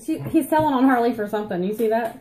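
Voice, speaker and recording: A woman's voice: fairly high pitch, fast, dark tone. A woman co-hosting a casual vlog, from Florida, cutting in with jokes and teasing asides. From Florida, USA. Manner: joking, teasing interjections. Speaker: vlog co-host. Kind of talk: casual chat.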